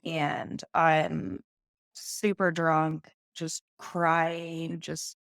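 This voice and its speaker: A woman's voice: lowish voice, slow pace, no room sound, clean studio sound. A woman guest on a podcast, telling her personal story in a candid, earnest way.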